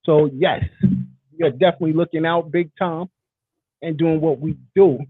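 A man's voice: a little high, fairly even intonation, moderate pace, slightly rough, no room sound. A man co-hosting a podcast in casual chat, hyping the show and pushing promos upbeat. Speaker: podcast co-host. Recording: tinny phone-like line.

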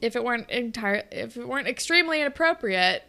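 Bright-voiced woman in animated casual chat. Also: fairly high pitch, fast, gravelly. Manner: animated, swears often, acts out characters' lines. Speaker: podcast co-host recapping a TV episode.

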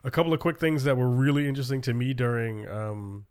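A man with a middle-pitched voice hosts a relaxed talk show. He rambles through a news list with frequent fillers and restarts, upbeat and informal. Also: fast talker, smooth. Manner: loose, filler-heavy rundown of news. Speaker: podcast host. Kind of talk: casual political chat.

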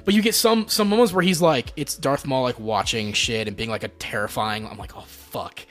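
A man co-hosting a podcast in casual chat, excitable and swearing freely, often restarting his sentences. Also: medium pitch, a little fast. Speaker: podcast co-host.

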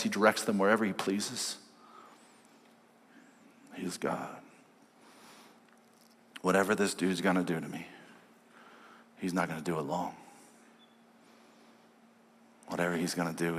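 A man preaching a sermon as pastor, telling a personal story and swinging between loud emphatic lines and quiet, low ones. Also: husky. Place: large church hall. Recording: long church-hall reverb.

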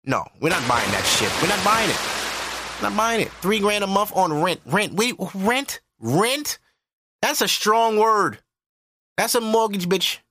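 A man hosting a podcast alone, ranting loudly and profanely in disbelief. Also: high voice, very animated, measured pace, slightly rough. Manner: loud, profane, incredulous ranting. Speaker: podcast host. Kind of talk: ranting solo podcast commentary.

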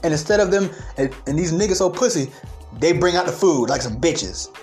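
A high-voiced young man from the United States, ranting brashly and profanely with a slight stutter. His pitch jumps around as he talks. Faint music plays under him. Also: animated, brisk, a little mellow. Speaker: vlogger. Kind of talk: comic opinion rant.

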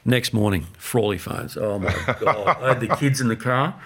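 Animated man telling stories. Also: medium pitch, fairly quick, hardly any pauses, a little hiss or hum. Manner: animated anecdote-telling, mimics voices in quotes. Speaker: podcast guest. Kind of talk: casual storytelling.

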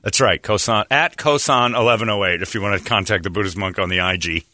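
Bright-voiced joking radio host. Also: male voice, on the low side, fast, no echo. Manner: joking, rambling. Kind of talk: casual chat.

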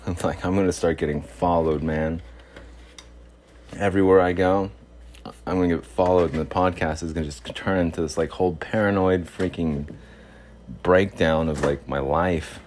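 A man with a very deep voice rambles through a casual solo podcast from home. He is goofy and playful, with a faint hiss of noise behind him. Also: fairly even intonation, normal speed, darkish tone. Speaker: podcast host. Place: home with cats, in Boston.

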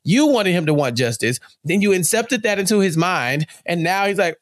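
A man co-hosting a podcast, recapping a TV episode in casual chat, animated and sassy, scolding the characters directly. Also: high voice, moderate pace, no room sound, studio quality. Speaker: podcast co-host.

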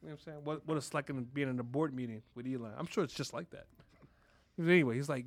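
A man's voice: a little high, quick pace, no echo, clean studio sound. A man hosting a podcast in a brash, profane casual rant, constantly asking "you know what I'm saying". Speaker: podcast host.

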